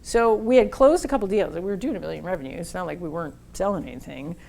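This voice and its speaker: Gravelly-voiced woman telling a blunt story. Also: fairly low pitch, quick pace. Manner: lively, blunt, acts out quoted dialogue. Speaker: workshop speaker. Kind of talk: storytelling marketing workshop talk.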